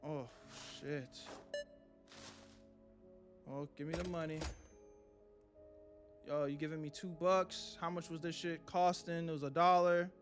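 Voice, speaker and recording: A man's voice: on the high side, steady tone, unhurried, pauses often, faint music behind. A young man streaming a game live, swearing and talking nervously to his chat as he plays. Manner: jittery, swearing, talks to chat. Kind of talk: live gameplay commentary.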